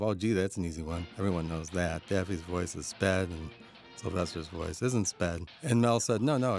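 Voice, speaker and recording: Deep-voiced male commentator, enthusiastic and anecdotal, laughing between remarks. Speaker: film commentator. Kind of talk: audio commentary on a cartoon.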